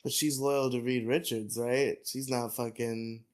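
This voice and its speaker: A man co-hosting a podcast in casual chat, talking excitably with lots of swearing and laughter. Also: medium pitch, a little slow. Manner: excitable, profane, laughing often. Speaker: podcast co-host.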